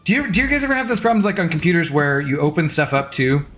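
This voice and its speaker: A man's voice: a little high, very animated, fast, a bit bright. A young adult man streaming, chatting casually with viewers in a rambling, easygoing, self-deprecating way. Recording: faint music underneath.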